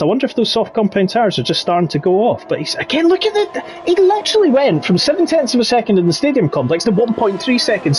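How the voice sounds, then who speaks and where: A man giving live commentary on a sim racing league, getting excitable when the battles get close. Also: sits high. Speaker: race commentator.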